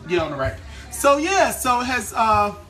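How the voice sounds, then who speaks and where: Soft music plays behind a very high, very animated voice: a live cooking stream host from the Eastern Shore of Maryland, USA, with a hint of its accent. Talking a little slowly in a bright, forceful tone, he chats casually with viewers as he cooks at home.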